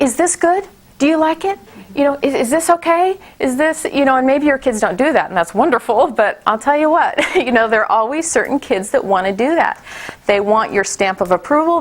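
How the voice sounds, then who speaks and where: A middle-aged woman giving a casual workshop talk to teachers, chatty, with many fillers and restarts. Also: medium pitch. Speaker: teacher trainer.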